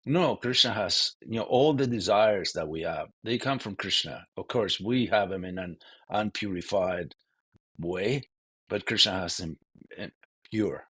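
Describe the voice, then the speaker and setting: Low husky-voiced man giving a scripture talk. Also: a bit bright, no room sound. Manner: conversational, peppered with "you know". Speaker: scripture class speaker. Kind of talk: devotional scripture lecture.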